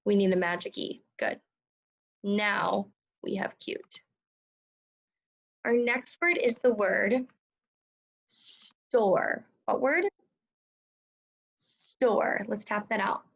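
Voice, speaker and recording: Working at a slow, deliberate pace, a female second grade teacher walks small children through phonics, patiently sounding out every word. Her medium-pitched voice has a hint of vocal fry, and the recording quality is poor.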